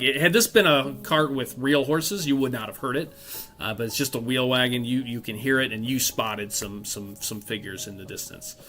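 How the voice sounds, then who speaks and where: A man runs a tabletop game, rambling through his descriptions with plenty of fillers and restarts. His voice is bright and forceful, and faint music sits in the background. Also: medium pitch. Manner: rambling, full of fillers and self-corrections. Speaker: game master.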